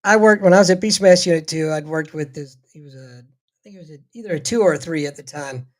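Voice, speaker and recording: A man's voice: a little high, fast talker. A man in casual podcast chat, talking bluntly and swearing casually. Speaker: podcast co-host.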